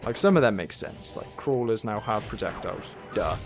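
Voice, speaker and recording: A man's voice: fairly low pitch, expressive, moderate pace, creaky. Male game streamer, casual wry self-talk while playing, faint music underneath. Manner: rambling, wry, talks to himself and the game. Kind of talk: casual gameplay commentary.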